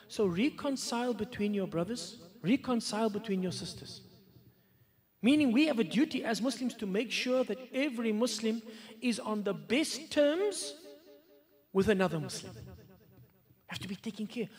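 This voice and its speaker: A man delivers a sermon in a high, very lively voice that leaps up and down. He recites Arabic verses, then translates them, and leans on rhetorical questions to stir his listeners. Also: normal speed, long pauses. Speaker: preacher.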